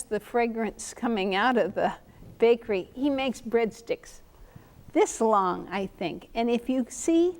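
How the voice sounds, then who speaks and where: A woman hosting a TV interview, relaxed and encouraging her guest. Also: on the high side. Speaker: host.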